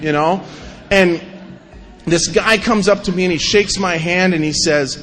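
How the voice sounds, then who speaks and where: Man from North Dakota, recovery speaker, high voice, lively storyteller, recorded in a reverberant hall. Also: moderate pace. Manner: animated storytelling, acts out quotes in mocking voices. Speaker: AA speaker sharing his story. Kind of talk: recovery talk to an audience. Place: event hall, on stage.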